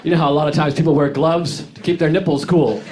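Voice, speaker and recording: A man performing a stand-up comedy set on a club stage, deadpan and self-deprecating, dropping his voice low for wry asides. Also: quick pace, background noise. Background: audience laughter.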